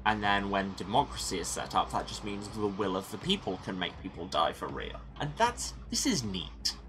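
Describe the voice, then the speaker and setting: A man's voice: on the low side, big pitch swings, moderate pace, over music. A man hosting a let's play, reading story text aloud and musing on his choices with wry humor. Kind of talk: reading game text and commenting.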